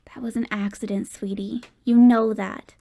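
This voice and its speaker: Lady doing a soft-spoken fierce mom, whispery then firm, slightly high voice. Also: moderate pace, natural voice. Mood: tender. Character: loving middle-aged mother, fierce and tender.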